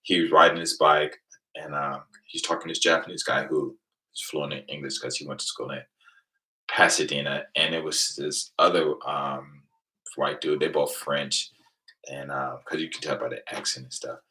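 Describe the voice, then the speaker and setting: A middle-aged man from Venice, California, telling a profane, boastful story on a livestream, swinging between low mutters and loud outbursts. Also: level tone, normal speed, rough recording. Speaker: livestream host. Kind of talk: casual storytelling.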